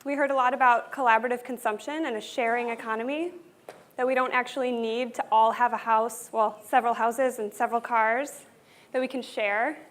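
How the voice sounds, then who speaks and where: A woman's voice: on the high side, fairly even intonation, brisk. A woman giving a conference keynote to a live audience, talking in an upbeat, earnest and conversational way. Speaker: conference speaker.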